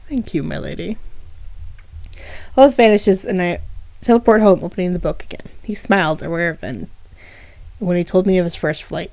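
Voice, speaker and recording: A woman's voice: on the low side, dark tone, no echo. A woman reading her first-person fan story aloud, with small restarts and asides between passages.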